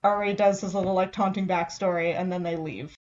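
A woman's voice: lowish voice, fairly even intonation, a little fast, a little mellow, lo-fi sound. A woman co-hosting a podcast, recapping a story in casual chat with wry asides. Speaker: podcast co-host.

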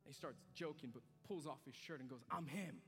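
A male pastor preaching a sermon, swinging from hushed, low passages to loud, emphatic climaxes. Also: fast talker. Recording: hall reverb with soft music beneath.

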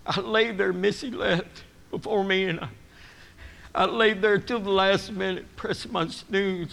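A middle-aged man preaching in a church sanctuary, his voice sitting high for a man. He talks slowly and deliberately, earnest and emotional, pushing harder when moved. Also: steady tone, creaky, a bit bright. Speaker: guest preacher. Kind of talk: sermon.

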